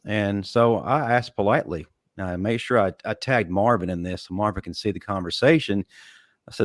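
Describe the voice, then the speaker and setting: A man co-hosting a college football show, his voice fairly low for a man. He tells a behind-the-scenes story, pausing and restarting as he goes. His sound is dry and close. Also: no room sound. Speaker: show co-host. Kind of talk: sports talk show.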